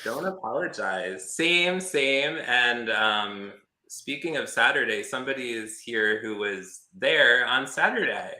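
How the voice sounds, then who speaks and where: A man's voice: medium pitch, expressive, unhurried, pushed and bright, reverberant. A male host chatting casually, upbeat with brief interjections. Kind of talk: casual chat.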